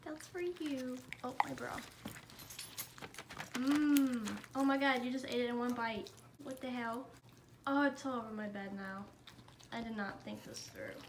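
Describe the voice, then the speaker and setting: A woman's voice: fairly high pitch, unhurried, pauses often. A young woman, chatting playfully in a casual vlog with her dog. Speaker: vlogger. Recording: noisy phone recording with background noise.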